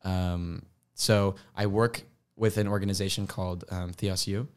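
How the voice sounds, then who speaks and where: Earnest young man, low casual voice. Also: flat delivery, a little slow, clear, resonant tone. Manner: earnest, open, casual slang. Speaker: podcast co-host. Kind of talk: candid faith podcast chat.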